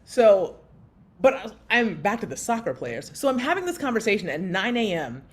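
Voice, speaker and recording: A woman in her thirties co-hosting a podcast, telling a story in lively conversation and acting out the voices of people she quotes. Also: moderate pace. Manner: animated, acts out quotes with big pitch jumps. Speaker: podcast co-host.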